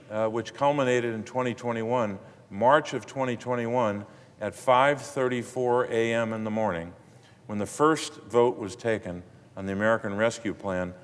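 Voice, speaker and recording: A man giving a measured, formal floor tribute as a senator in a large legislative chamber. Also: mid-range voice. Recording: long reverb of a large chamber.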